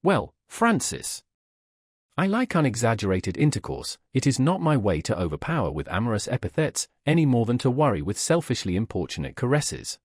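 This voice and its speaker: A man's voice: mid-range voice, very animated, moderate pace, no echo, clean studio sound. A man voicing a stern but tender young male teacher, speaking earnestly and insistently. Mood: calm.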